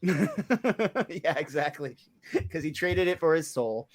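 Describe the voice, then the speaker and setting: Chatty man with a fairly high voice. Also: lively intonation, slow pace. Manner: loose, chatty, lots of fillers and laughter. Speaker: podcast co-host. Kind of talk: casual chat recapping an episode.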